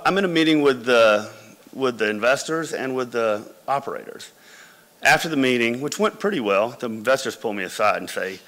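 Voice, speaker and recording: A company founder addresses MBA students in a conversational business talk packed with anecdotes. His voice is medium in pitch and fairly bright, and the hall around him adds reverb.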